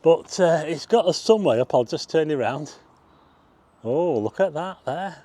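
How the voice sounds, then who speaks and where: An older man vlogs casually to viewers outdoors, first driving and then walking up a hillside, exclaiming and running out of breath. His voice is a little high, animated, and mellow, a bit slow, in a dry recording.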